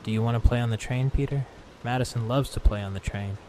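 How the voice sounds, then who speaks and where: A man's voice: mid-range voice, fast, noisy background, lightly acted. A man voicing a sad, eerie haunted toy train monster in a plaintive, childlike way. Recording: steady rain sound behind.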